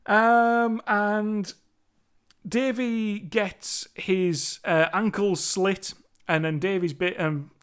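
A man's voice: sits high, fairly even intonation, extremely slow, a bit bright, smooth. A man recapping a film scene in a casual, emphatic, sweary way, often repeating himself. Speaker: movie reviewer.

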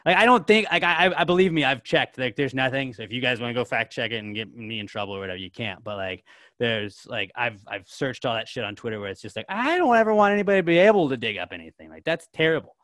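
Young male podcast co-host, rambling casual chat, mid-pitched, dry close recording. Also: animated, fast, fairly bright tone, no room sound. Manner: rambling, filler-heavy, lots of "like".

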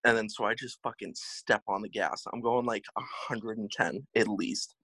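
Young New guy, twenties, husky, swearing storyteller for a chatty show. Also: on the low side, moderate pace, bright, forceful tone, no room sound, low-quality recording. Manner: rambling, profane, laughing storytelling. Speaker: podcast host. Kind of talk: casual storytelling chat.

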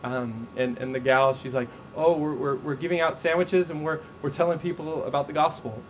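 A man preaches in a relaxed, conversational sermon, his voice sitting a little higher than most men's. He tells stories with animation, often doubling back and restarting his phrases, and a faint low rumble sits underneath. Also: brisk, poor audio. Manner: casual, animated storytelling with frequent restarts. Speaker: pastor.

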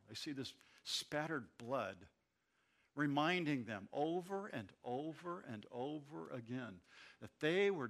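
A man preaching an evening sermon, reading scripture aloud and explaining it in an animated storytelling way with frequent restarts. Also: a little high. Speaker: pastor.

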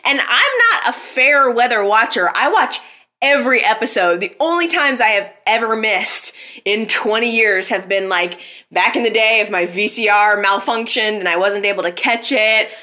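A woman's voice: on the high side, moderate pace, bright, forceful tone. A woman hosting a casual recap podcast, chatting animatedly and talking straight to her listeners. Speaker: soap opera recap podcast host.

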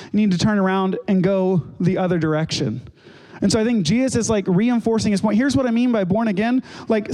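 A man's voice: high voice, a little mellow. A male pastor giving a sermon, retelling a scripture story in a conversational way with casual asides.

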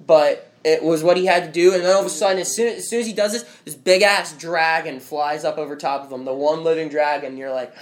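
Talking fast with few pauses, a young man with a slightly high voice and fairly even intonation chats casually at home with friends and family. His rambling recap of a show is full of "like".

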